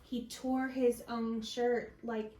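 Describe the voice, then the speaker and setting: A woman guest sharing a personal faith testimony in an interview, telling her story slowly and from the heart. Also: on the high side, level tone, mellow, echoey room, soft background music, low-quality recording. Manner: slow, heartfelt storytelling with many pauses.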